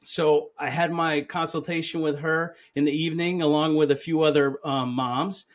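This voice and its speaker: A man's voice: a little high, fairly even intonation, moderate pace. A man in his fifties, a chiropractor guest, telling a personal story in an earnest, emotional way and often quoting himself. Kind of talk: storytelling interview answer.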